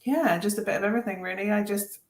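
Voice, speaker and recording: A woman's voice: mid-range voice, fast talker. A woman who reads tarot introduces herself plainly and bluntly. Her voice sits in the middle range, and a roomy echo surrounds it. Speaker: tarot reader. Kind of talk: casual self-introduction.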